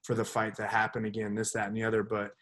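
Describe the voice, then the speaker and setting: A young man co-hosting a podcast tells a meandering story in casual conversation, acting out the quoted lines. His voice is fairly low and a bit bright, delivered quickly in a monotone.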